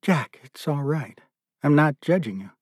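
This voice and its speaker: A man doing a soft, soothing woman. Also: fairly high pitch, lively intonation, a little slow, dry recording, clean studio sound. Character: gentle comforting young woman.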